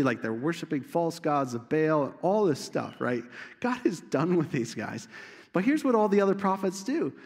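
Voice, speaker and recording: Male pastor, higher-pitched, animated storyteller; sermon caught in a reverberant hall. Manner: animated storytelling, acting out biblical characters with laughs. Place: church sanctuary.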